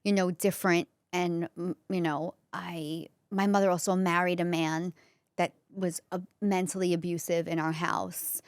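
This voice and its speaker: A woman's voice: on the low side, little pitch movement, normal speed, smooth, no echo, clean studio sound. A woman comedian from the Bronx with a New York accent, telling personal stories as host of her solo podcast in a chatty way full of fillers. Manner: chatty storytelling, many fillers. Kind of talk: candid solo podcast monologue.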